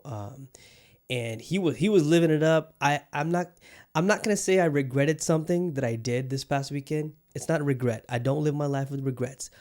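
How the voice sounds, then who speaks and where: A man's voice: mid-range voice, a little mellow. A man hosting a solo podcast in a casual monologue, rambling and restarting his sentences often, loose, joking and profane. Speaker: podcast host.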